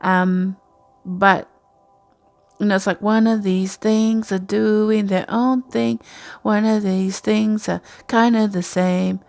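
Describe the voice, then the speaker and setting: A woman's voice: mid-range voice, steady tone, slow pace, vocal fry, a little mellow. A woman giving a casual, rambling tarot reading from home at night, talking in a chatty, intuitive way. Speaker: tarot reader.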